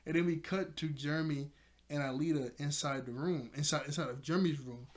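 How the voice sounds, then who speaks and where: A man with a somewhat high voice gives a casual, excited recap of an episode. He chuckles often as he retells the scenes. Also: fairly quick. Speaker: episode reviewer.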